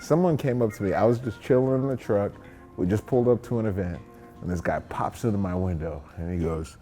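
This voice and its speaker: A man's voice: low voice, fast, warm tone, soft background music. A young man answering interview questions while drinking, rambling, profane and tipsy. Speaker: interview guest. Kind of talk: drunken casual interview.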